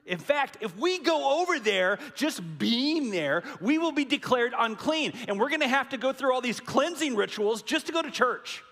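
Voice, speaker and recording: A band of frightened, incredulous disciples, as a preacher puts them on in a sermon, loud and high in disbelief. Their voices swing widely as they protest. A long hall reverb trails each shout. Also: male voice, huge pitch swings, normal speed, hardly any pauses. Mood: panicky. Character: panicky incredulous male disciples, adult men.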